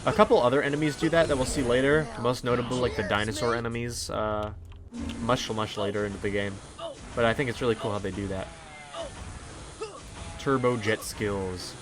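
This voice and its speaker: A man narrating his game playthrough in a loose, rambling way, stopping and restarting his sentences. His pitch sits in the middle range for a man. Faint game music plays underneath. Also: fairly even intonation, moderate pace. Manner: rambling, lots of fillers and restarts, hums along. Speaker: let's play host. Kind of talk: casual game commentary.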